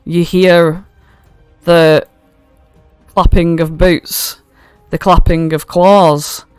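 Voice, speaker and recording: A woman narrates a tabletop game as game master in a loose, chatty way, swearing and stopping for fillers. Her voice is smooth and clear. The mic is close and dry. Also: fairly low pitch, dry recording. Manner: casual and swearing, with many fillers. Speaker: dungeon master.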